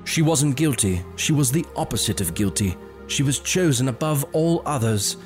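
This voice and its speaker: Male storyteller, mid-pitched, measured and dramatic, soft music behind. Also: animated. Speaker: narrator. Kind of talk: scripted story narration.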